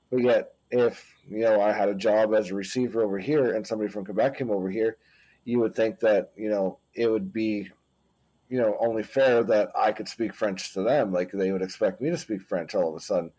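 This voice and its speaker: A man with a low, warm, mellow voice. He talks casually as a podcast guest, circling his thoughts with fillers and asides. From Canada. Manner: rambling, thoughtful, many fillers like "kinda thing". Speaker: guest, former owner-operator trucker.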